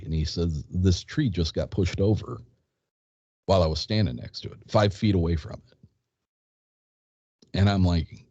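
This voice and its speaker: A man's voice: low voice, normal speed, darkish tone, dry recording. A man in his fifties, a guest telling a personal story in a rambling, casual way, acting out back-and-forth dialogue with hesitant restarts. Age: 50s. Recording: dull lo-fi sound.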